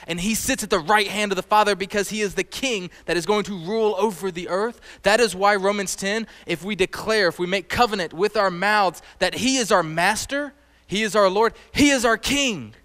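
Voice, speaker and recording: A man giving an animated, conversational sermon as a teacher, often quizzing his audience. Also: sits high, moderate pace. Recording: long hall reverb.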